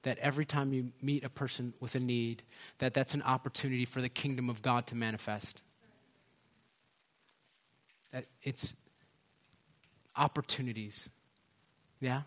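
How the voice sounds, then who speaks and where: A man's voice: mid-range voice, steady tone, normal speed. Fervent man preaching a story sermon. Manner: conversational with fillers, building to loud fervent exclamations.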